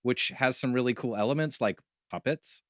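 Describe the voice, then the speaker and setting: A man's voice: mid-range voice, normal speed, no room sound, studio quality. A man in his thirties hosting a casual interview podcast, joking and laughing often. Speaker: podcast host.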